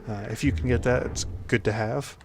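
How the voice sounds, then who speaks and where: A man's voice: mid-range voice, fairly even intonation, normal speed, noisy background. A man hosting a casual gameplay commentary, rambling with lots of fillers. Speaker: gaming video host.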